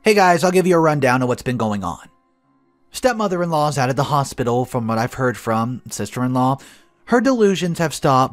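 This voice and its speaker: A man narrating an online story in a dramatic, scripted reading. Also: mid-range voice.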